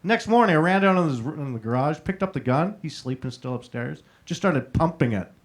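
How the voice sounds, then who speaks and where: Young male stand-up, story-driven, quick "right?" tags, easy crowd banter. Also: on the high side, lively intonation. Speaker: stand-up comedian. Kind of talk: stand-up comedy set. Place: live comedy showroom.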